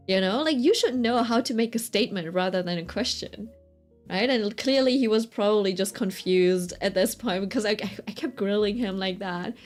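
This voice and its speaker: A young woman telling a story in casual chat, full of fillers and quick laughs, asking "right?" often. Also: medium pitch, expressive, soft background music. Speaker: vlogger.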